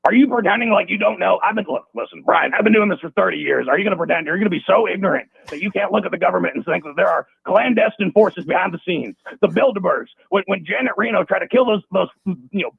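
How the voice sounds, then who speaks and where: An actor playing a paranoid, combative male conspiracy radio host in a comedy phone-call sketch, ranting in raspy, insulting tirades over a tinny phone line. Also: high voice, expressive, no room sound, heavily acted. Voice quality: gravelly, raspy. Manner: shouty tirades, insulting, rapid-fire.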